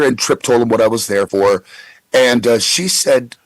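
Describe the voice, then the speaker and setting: A man's voice: fairly low pitch, normal speed, no echo, rough recording. A man in his forties who tells rambling anecdotes with stammered restarts in a casual interview. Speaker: guest voice actor.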